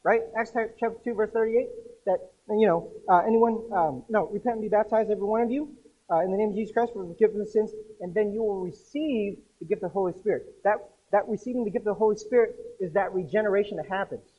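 A man preaching a casual sermon to a group, chatty and animated, acting out voices in his stories. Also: sits high, quick pace, phone-quality sound. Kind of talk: conversational sermon.

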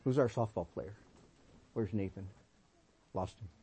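A man in his sixties preaching a sermon, telling folksy stories and swinging between emphatic points and soft asides. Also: lowish voice, unhurried, slightly rough. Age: 60s. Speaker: pastor.

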